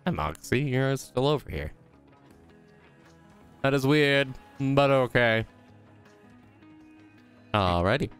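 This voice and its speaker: A man's voice: lively intonation, slow, long pauses, fairly bright tone, clear, resonant tone, faint music behind. A young man commentating his own video game play, rambling and joking to himself. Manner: goofy, silly rambling with sudden high squeals. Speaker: gaming YouTuber.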